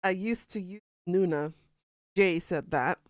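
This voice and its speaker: A woman streaming a game, chatting casually and joking bawdily with her chat. Her voice sits low and sounds smooth and clean. The sound is dry, with no room echo. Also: unhurried. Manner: playful, bawdy, reading out chat quotes with laughter.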